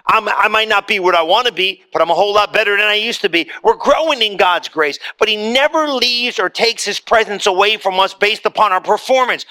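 A man preaching a sermon as pastor, swinging from forceful lines to hushed ones and repeating words as he builds. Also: high-pitched.

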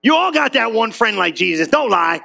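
A man preaching a sermon in a church, animated and conversational, joking with the congregation. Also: high voice, fairly quick, vocal fry. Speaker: pastor.

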